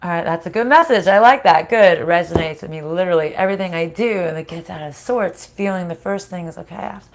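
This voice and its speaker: A woman's voice: on the low side, fast talker, few pauses. Scratchy-voiced woman doing a card reading. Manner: casual and chatty, with frequent laughter and swearing. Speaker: card reader. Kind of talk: live-streamed spiritual card reading.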